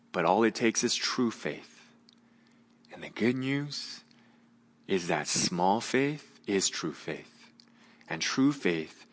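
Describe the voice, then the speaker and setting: A man's voice: fairly low pitch, big-room sound. Earnest male pastor preaching. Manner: earnest, swinging from raised emphasis to hushed, soft appeals. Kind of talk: sermon.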